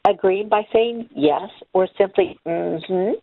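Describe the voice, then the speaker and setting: A woman giving a training lesson on speaking skills, in a measured, deliberate delivery with pauses. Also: mid-range voice, creaky, no room sound. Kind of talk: instructional talk on speaking skills. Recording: tinny phone-like audio.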